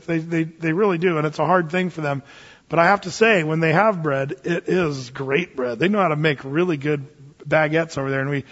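A man teaching the Bible verse by verse as a pastor, in a folksy, emphatic, chatty way. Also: fairly high pitch. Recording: dull, echoey hall recording.

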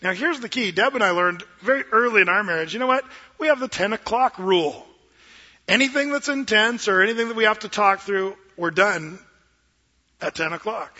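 A middle-aged man, a pastor preaching a sermon in an animated, joking way that acts out quoted voices. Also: high voice, brisk, muffled recording.

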